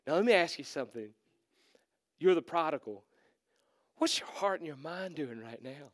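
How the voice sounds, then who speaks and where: High-voiced preacher, dramatic storytelling. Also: male voice, animated, normal speed, long pauses, dry recording, studio quality. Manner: dramatic storytelling, acting out characters, swinging from loud to hushed. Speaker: pastor. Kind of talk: sermon.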